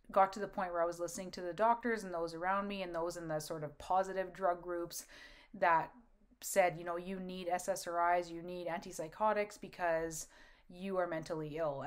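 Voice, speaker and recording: A middle-aged woman speaking candidly and earnestly about her own experience, telling it as a personal story with many fillers. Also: fairly low pitch. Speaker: host. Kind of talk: personal testimony to camera.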